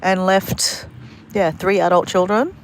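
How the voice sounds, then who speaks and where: A woman's voice: mid-range voice, fairly even intonation, takes it slowly, soft background music. A woman vlogging a story casually on a livestream, rambling and correcting herself as she goes, outdoors on a phone. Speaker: travel vlogger. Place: outdoors at a beach at sunset.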